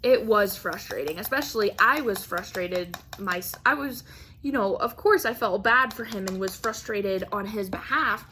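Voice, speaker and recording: A young woman vlogger telling a story in a casual, animated way, acting out quotes and laughing often. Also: medium pitch, moderate pace, a little hiss or hum. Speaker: craft vlogger.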